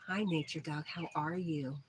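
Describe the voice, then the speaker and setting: A chatty woman hosts a casual livestream from her back porch, reading out viewer comments. Her voice sits a little low. Birds sing clearly in the outdoor noise behind her. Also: steady tone, moderate pace. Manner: reads viewer comments aloud, chatty and friendly. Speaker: livestream host. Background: birdsong and outdoor ambience.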